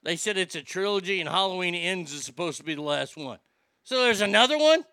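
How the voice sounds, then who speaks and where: A man's voice: sits high, expressive, fairly quick, pushed and bright, clear, resonant tone, no echo, studio quality. A man ranting casually and profanely about movies while reading out listener comments. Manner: swearing, exasperated ranting.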